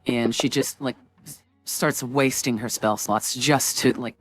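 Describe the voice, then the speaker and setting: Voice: mid-range voice, fairly even intonation, unhurried, no room sound, soft background music. A game master narrating a tabletop game in a rambling way, with many fillers.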